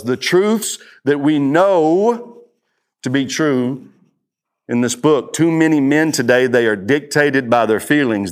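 A middle-aged man giving a conference talk, telling stories and repeating key lines for emphasis. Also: medium pitch. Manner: storytelling, emphatic repetition. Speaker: speaker. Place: conference room.

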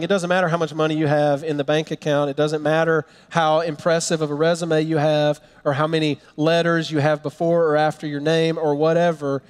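A man preaching a sermon, telling a Bible story with animated storytelling and acting out the characters' lines. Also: on the high side, smooth, in a large hall. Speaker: pastor.

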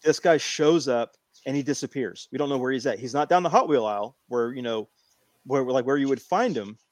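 Animated man telling a story, dry sound. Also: mid-range voice, fairly quick, no echo. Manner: animated, repeats himself while telling a story. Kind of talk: casual chat.

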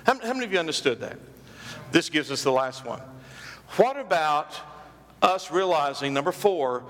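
A man preaches in a church, his voice pitched high and ringing bright. He repeats phrases for emphasis and throws questions out to the congregation. A long reverb trails every line through the hall. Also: expressive, normal speed, long pauses. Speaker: pastor. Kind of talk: sermon. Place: church sanctuary.

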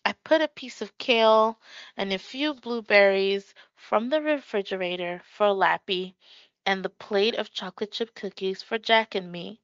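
A woman reading a first-person children's story aloud in a calm, measured storytelling voice. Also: medium pitch, clean tone, no room sound. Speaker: audiobook narrator. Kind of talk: first-person audiobook narration. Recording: dry, slightly muffled.

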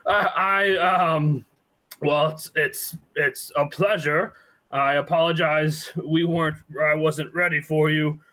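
A man's voice: on the high side, steady tone, slow, pushed and bright, voice pushed up, low-quality recording. Man doing a flustered elderly blind cobbler. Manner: hesitant, stammering, apologetic.

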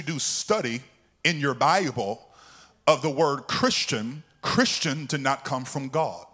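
A man's voice: takes it slowly, breathy edge. Man preaching with a sung cadence. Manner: calm, low teaching voice. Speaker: pastor. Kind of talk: sermon.

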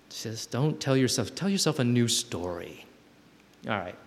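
Gentle man speaking in a reverberant hall. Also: mid-range voice, expressive, a little fast. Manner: gentle, playful asides, reads letters aloud. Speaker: camp speaker. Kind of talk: reflective spiritual talk to a group. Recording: live talk in a reverberant hall.

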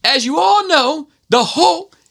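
A man imitating a shouting former Marine drill instructor who clips the ends of his words. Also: very high-pitched, lively intonation, slow, gravelly, voice pushed up, exaggerated voice. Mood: barking. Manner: clipped, trails off word endings.

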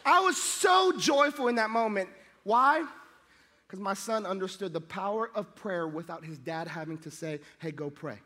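A man's voice: high voice, moderate pace, long reverb tail. A middle-aged man preaching a sermon, telling funny stories and acting out the people in them. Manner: animated, jokey, acts out voices. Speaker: pastor. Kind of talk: sermon with storytelling.

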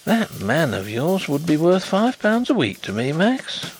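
A man doing a brisk, sceptical gentleman. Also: high voice, sing-song, faint music behind, voice pushed up. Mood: emphatic.

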